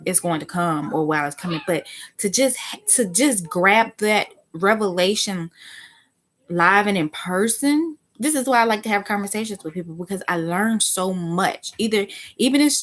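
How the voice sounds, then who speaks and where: A soft-spoken woman with a mid-range voice gives a reflective spiritual talk as a teacher. She thinks aloud, restarting her sentences, and breaks into sudden excited exclamations.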